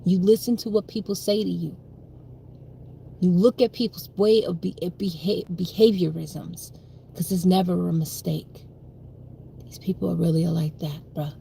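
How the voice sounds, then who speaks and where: A woman's voice: lowish voice, steady tone, normal speed, creaky, warm tone, slight background noise. Emphatic young woman livestreaming. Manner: emphatic, repetitive storytelling with swearing. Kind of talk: livestream monologue.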